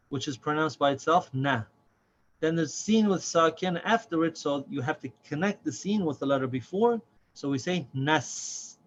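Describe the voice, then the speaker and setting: Patient male reading teacher, slightly muffled. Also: mid-range voice. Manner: patient, slow and deliberate, drawing out syllables. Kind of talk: step-by-step lesson. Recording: slightly dull audio with faint noise.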